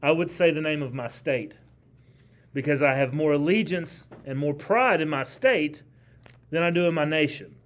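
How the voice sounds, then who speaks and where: This history teacher, whose voice is fairly high and a bit bright, delivers a classroom lecture in a conversational, emphatic manner, often turning questions over to his students.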